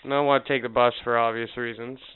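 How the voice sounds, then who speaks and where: A mid-pitched man with a very smooth, clear voice tells profane, animated stories on a casual podcast. He acts out other people's lines. The sound is thin, like a phone line. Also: fast. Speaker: podcast co-host. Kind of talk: casual storytelling chat.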